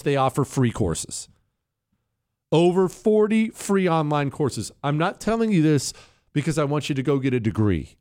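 A man's voice: fairly high pitch, darkish tone. A man hosting a talk radio show, delivering an opinionated monologue in a combative, sarcastic way.

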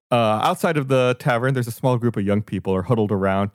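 A man narrating as game master of a tabletop game, halting with fillers. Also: medium pitch, dry recording, soft background music.

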